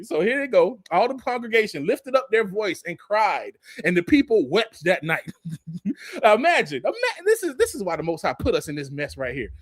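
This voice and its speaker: High-voiced man preaching casually. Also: brisk, dry recording, clean studio sound. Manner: casual, animated preaching with Southern Black vernacular and laughs. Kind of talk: sermon with scripture reading.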